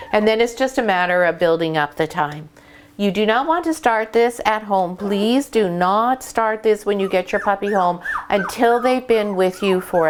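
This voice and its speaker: A woman's voice: medium pitch, slight background noise. Woman breeder coaching puppy care. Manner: warm coaxing voice with the puppies. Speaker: dog breeder. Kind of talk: instructional vlog, talking to puppies. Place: sitting in a whelping box with puppies.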